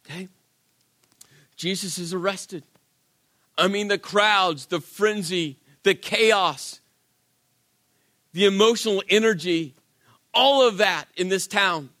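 A man preaching a sermon, telling the story with animated, acted-out quotes and rhetorical questions. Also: high-pitched, slow, pauses often. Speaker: pastor.

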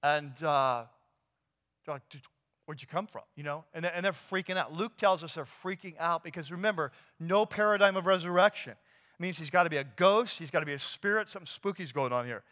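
A pastor retelling a scripture story in a sermon, animated and casual with slang and fillers. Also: male voice, fairly high pitch, fairly quick. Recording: long hall reverb.

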